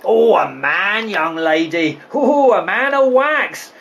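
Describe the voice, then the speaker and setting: A man voicing a garrulous old nurse who rambles and breaks into high cackling laughter. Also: animated, slow pace, gravelly, fairly bright tone, dull audio, a little hiss or hum, heavily acted. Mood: eager.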